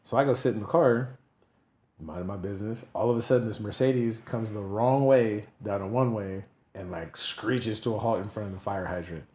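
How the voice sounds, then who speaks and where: Lively and casual, a low-voiced man spins a story for his co-host, jumping into other people's voices and breaking into laughter. The room around him rings with echo. He keeps it loose and conversational throughout. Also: moderate pace. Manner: animated storyteller, acts out quotes in voices, laughs often. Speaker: podcast co-host.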